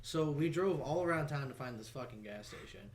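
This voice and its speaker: A young man co-hosting a podcast, telling a profane, animated anecdote in casual chat. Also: on the high side, brisk. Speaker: podcast co-host. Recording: echoey room, noisy background.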